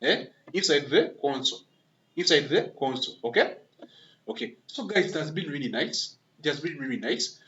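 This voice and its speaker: A man's voice: fairly high pitch, lively intonation, normal speed, pushed and bright, dull audio. A man teaching a beginner coding lesson over a screen recording. He repeats phrases often, keeps checking with "okay?", and encourages his viewers. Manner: repetitive, keeps asking "okay?"; encouraging, addresses viewers as members and guys. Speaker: web development instructor.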